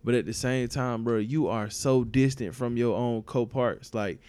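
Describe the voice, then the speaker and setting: A man's voice: medium pitch, fairly even intonation, a little slow, a little mellow, clean tone, no echo. A man co-hosting a podcast, giving blunt, profane, emphatic opinions in casual chat. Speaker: podcast co-host.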